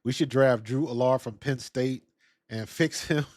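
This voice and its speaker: Man, sports talk host, casual live-stream chat, laid-back, mid-pitched voice, dry close sound. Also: unhurried, a little mellow, no echo. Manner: laid-back, conversational, reads and answers chat.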